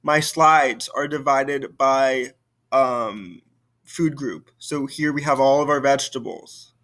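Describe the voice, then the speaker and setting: Bright-voiced man teaching French slowly. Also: medium pitch. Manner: patient, repeats French words for students to echo. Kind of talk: recorded video lesson.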